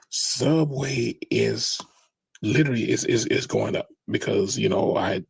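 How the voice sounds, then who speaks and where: A man's voice: mid-range voice, gravelly, slightly rough, no room sound. A man hosting a casual commentary monologue, rambling, restarting words and talking straight to his viewers. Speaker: commentary show host.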